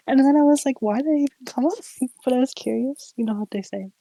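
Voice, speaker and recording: A young woman streamer casually telling a ghost story, animated and giggly, full of "like" fillers. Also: high voice, quick pace, creaky, poor audio. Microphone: streaming mic.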